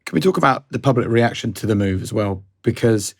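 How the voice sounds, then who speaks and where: A man hosting a business podcast, asking calm, probing questions. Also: fairly low pitch, brisk. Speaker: podcast host. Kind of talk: interview questions.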